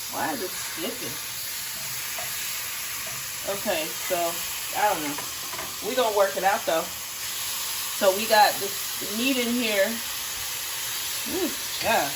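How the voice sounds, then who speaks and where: This chatty mom is cooking at home for a casual cooking vlog, speaking in a fairly high voice from far away, a little off-mic in an echoey room. She apologizes and laughs at her own mistakes while a frying pan sizzles and clicks sound in the noisy kitchen.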